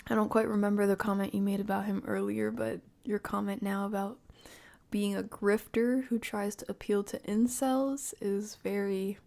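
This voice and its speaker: A woman streaming a live reaction, often dropping into soft whispered asides and laughing between remarks. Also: mid-range voice, little pitch movement, moderate pace, creaky.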